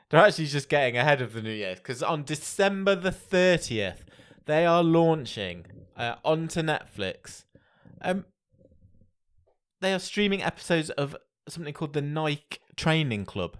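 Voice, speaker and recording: A man's voice: on the high side, big pitch swings, measured pace, a bit bright, clear, resonant tone. A man, co-hosting a casual podcast and reading out entertainment news. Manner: chatty, reads out news items. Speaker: podcast co-host. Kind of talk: casual chat.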